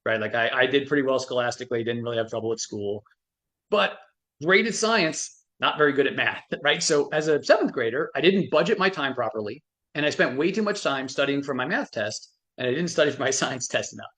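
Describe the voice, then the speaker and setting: A man's voice: medium pitch, lively intonation, fairly quick, bright, forceful tone. A middle-aged man, a frequency medicine expert, telling stories animatedly with many restarts on a live stream. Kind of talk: motivational talk on a live stream.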